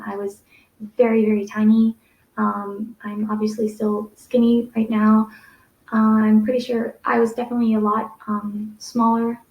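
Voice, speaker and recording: A woman's voice: mid-range voice, warm tone, highs cut off. Rambling young woman in echoey room. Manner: rambling, many fillers and restarts. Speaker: vlogger. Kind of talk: personal storytelling.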